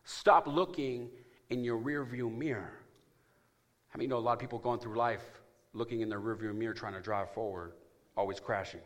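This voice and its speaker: A man's voice: medium pitch, steady tone, normal speed. A man preaching a sermon as pastor, emphatic and calling out to his congregation for responses. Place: church.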